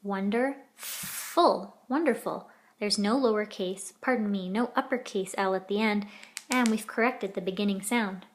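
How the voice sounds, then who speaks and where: A woman's voice: medium pitch, moderate pace, slight background noise. A woman teaching a children's editing lesson, patiently sounding out letters and words.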